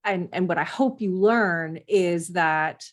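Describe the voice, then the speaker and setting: A woman's voice: fairly low pitch, slow pace. A woman hosting a parenting podcast who affirms her guest and asks leading questions as a coach. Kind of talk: podcast interview.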